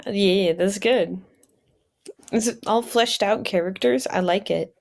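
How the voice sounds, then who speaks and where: A woman's voice: mid-range voice, slow pace, vocal fry, darkish tone. A woman podcast host telling an improvised story in a casual, giggly way with many fillers.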